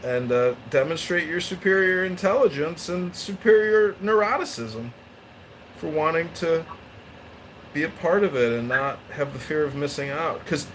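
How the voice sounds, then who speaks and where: A man's voice: expressive, normal speed, fairly bright tone, slight background noise, poor audio. A man hosting a casual podcast chat, rambling through stories and opinions. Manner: rambling storyteller with bursts of high-pitched mimicry. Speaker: podcast host.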